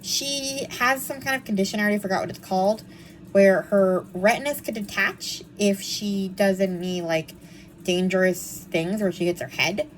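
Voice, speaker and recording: A woman's voice: medium pitch, moderate pace, a little hiss or hum, rough recording. A young woman chatting casually and with snark as she reviews a book series, with frequent ums and asides.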